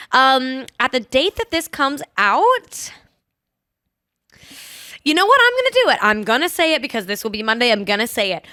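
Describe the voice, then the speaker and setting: A woman's voice: sits high, bright, forceful tone, clear, resonant tone, no room sound, clean studio sound. A young woman hosting a podcast, chatty and self-mocking. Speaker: podcast host. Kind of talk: casual chat.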